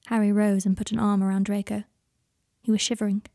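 A woman narrating a story in a gentle, soft reading voice, giving the characters their own voices. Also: mid-range voice, little pitch movement, a little fast, creaky, no room sound, clean studio sound. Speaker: fan fiction reader. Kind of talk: audiobook narration.

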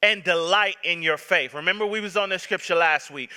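A man's voice: on the high side, brisk, pushed and bright, clean tone. A man in his thirties, a pastor preaching a sermon with impassioned, emphatic repetition. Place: church sanctuary. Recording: long reverb of a large hall.

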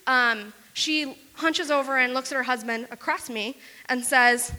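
A woman from Wisconsin telling a self-mocking story on stage, fast and full of "like". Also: high-pitched, sharp tone, big-room sound. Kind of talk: live comic storytelling.

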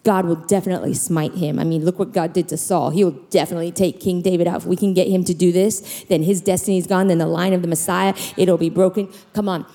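A woman preacher voicing a sly male devil who coaxes and wheedles, slightly lower than her own voice, with long hall reverb. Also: steady tone, fast talker, hardly any pauses, mellow, close to an everyday voice. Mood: coaxing. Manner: coaxing, wheedling.

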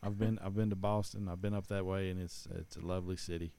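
Rambling man, low voice. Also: level tone, fast talker, warm tone. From East Tennessee. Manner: rambling, full of uh and restarts. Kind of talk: casual chat.

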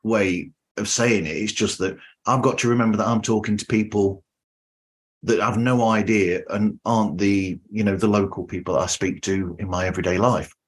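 A man's voice: fairly low pitch, steady tone, normal speed. A man from the north of England with a Northern English accent, hosting a podcast interview in an easygoing, chatty way. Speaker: podcast host. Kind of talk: casual interview chat.

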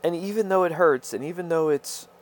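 A man hosting his own podcast, talking through a halting, confessional monologue full of fillers and restarts. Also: on the high side. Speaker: podcast host. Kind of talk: rambling personal monologue.

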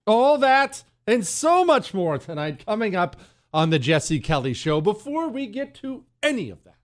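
A man hosting a talk radio show, telling a story in a dramatic monologue that swings between hushed and emphatic. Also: high-pitched, sing-song, measured pace, dry recording, clean studio sound. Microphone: studio microphone.

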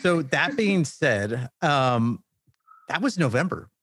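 A man talking calmly in a casual chat with a fellow veteran, easygoing and measured. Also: on the high side, slightly rough. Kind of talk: casual conversation.

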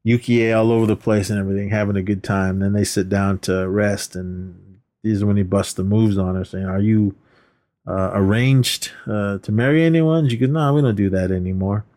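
A man co-hosts a casual podcast and walks through film scenes in a rambling way. His speaking voice sits on the low side, and he jumps much higher whenever he acts out the characters' lines. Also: steady tone, moderate pace, darkish tone. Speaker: podcast co-host. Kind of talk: casual movie recap chat.

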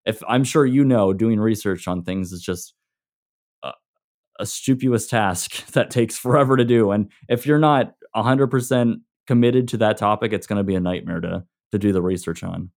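A man speaks in a lowish, gravelly voice full of vocal fry, meandering easily through his thoughts. The recording is close and dry. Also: moderate pace, no echo. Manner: relaxed, meandering, lots of fillers. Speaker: video creator, podcast guest. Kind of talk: casual conversation.

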